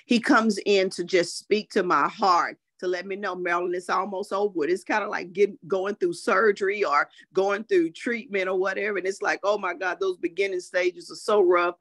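A woman's voice: fairly low pitch, a bit bright, dry recording, studio quality. A woman hosting a faith-based morning show, encouraging listeners in a preachy, uplifting way and quoting scripture. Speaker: host.

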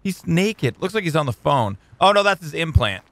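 An excitable man narrating his gameplay in a lively, bouncing voice with a bright edge. He cheers, jokes and coos at his in-game pets, over a faint hiss. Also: on the high side, moderate pace. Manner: excitable, jokey, talks to his tamed creatures. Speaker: gaming YouTuber. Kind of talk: let's play commentary.

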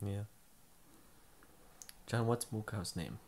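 A young father talking gently and patiently with his small child at bedtime, softly coaxing him toward sleep. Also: lowish voice, slow pace. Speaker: father putting child to bed. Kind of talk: casual bedtime chat.

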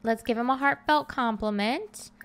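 Female let's-play host, fairly high voice, casual running commentary, frantic pleading bursts. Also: moderate pace, clean tone. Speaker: gaming channel host.

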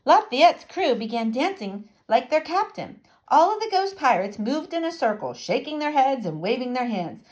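A woman teacher reading a storybook aloud to children in a lively, child-directed way. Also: high voice, normal speed, few pauses.

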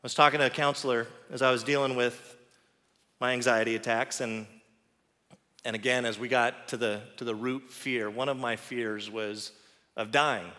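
A man's voice: medium pitch, fairly even intonation, moderate pace. Man preaching in a reverberant church hall. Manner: earnest, personal storytelling with soft prayer. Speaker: teaching pastor. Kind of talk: sermon. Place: church sanctuary.

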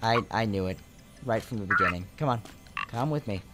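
A man's voice: fairly low pitch, lively intonation, brisk, over loud music. Goofy, crude young man gaming. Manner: goofy, crude, rambling, swinging from mutters to squeals. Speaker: gaming channel host. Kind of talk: casual let's play commentary.

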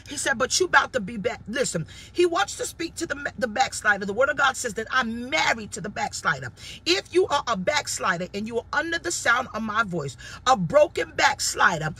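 Woman pastor, livestream sermon; fervent, animated and a touch husky, breaking into shouts. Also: on the high side. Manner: fervent preaching, shouting, greeting viewers by name. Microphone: phone or webcam livestream.

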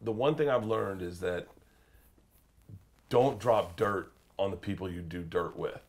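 A man's voice: low voice, a little slow. Rowdy, profane storytelling man. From United States. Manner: profane, excitable, jumps into loud shouted bits when telling stories. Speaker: stand-up comedian guest. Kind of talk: animated storytelling.

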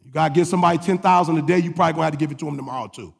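Gravelly preacher man, shouting and murmuring. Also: rapid-fire, long reverb tail. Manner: swings from shouted preaching to low confiding asides. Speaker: pastor. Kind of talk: sermon.

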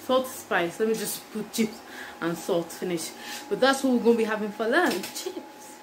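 A young woman talks casually to her camera. Her voice sits at a middling pitch, and she laughs often between lines. She often sinks into quiet, mumbled asides. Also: normal speed, noisy background. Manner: chatty, laughs often, mumbles and hums softly. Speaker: vlogger.

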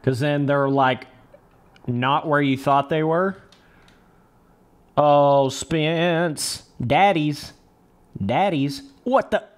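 This young man's voice is a little high and steady, with drawn-out words and frequent pauses, as he streams a motocross game live. He curses casually, talks himself through the race under his breath, and chats with viewers, calling them brother and dudes.

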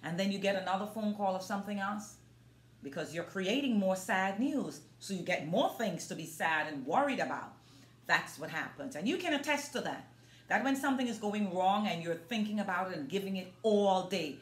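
A woman's voice: mid-range voice, animated, moderate pace. A woman vlogging in an earnest, casual way, talking straight to her viewers as a motivational vlogger. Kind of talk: casual demonstration vlog. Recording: roomy echo.

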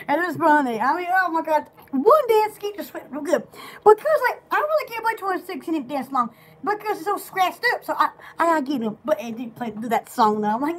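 A woman in casual, rambling chat, excitable and giggly, often restarting her sentences. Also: very high voice, normal speed. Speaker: store vlogger.

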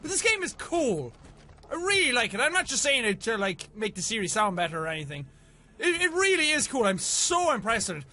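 A young man in his twenties giving excitable let's play commentary, swearing often and chatting to the game's characters. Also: extremely high pitch, fairly quick. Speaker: gamer.

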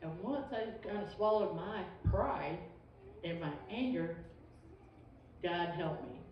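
A woman's voice: lowish voice, slow, slight background noise. A woman gives an informal church teaching, folksy and emphatic. She is recorded from a distance in a very echoey sanctuary. The sound is dull and a little muffled. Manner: folksy, emphatic, repeats amen. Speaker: Sunday school teacher.

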